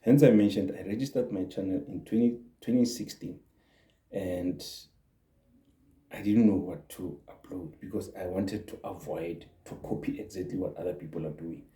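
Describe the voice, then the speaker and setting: A man's voice: deep voice, moderate pace, warm tone. A man, a YouTube creator, giving an earnest motivational talk and repeating words for emphasis. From South Africa. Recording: echoey room.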